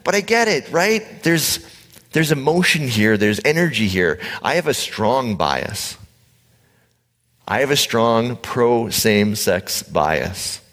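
A man preaching a conversational sermon, animated, blunt and joking with his congregation. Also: mid-range voice, slow. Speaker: pastor. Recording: echoey hall reverb.

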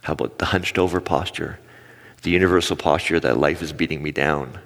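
A man's voice: rumbling low, a little fast. A man in his forties preaching a sermon on stage, telling stories and acting out quotes with animation. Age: 40s. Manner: animated storytelling with acted-out quotes. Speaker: pastor. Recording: long hall reverb.

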